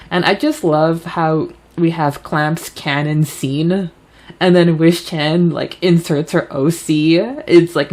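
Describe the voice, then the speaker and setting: A woman's voice: fairly low pitch, a little mellow, poor audio. A woman co-hosting a podcast, chatting casually and laughing often as she sums up a story chapter. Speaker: podcast co-host. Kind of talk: casual chat recapping a fanfiction chapter.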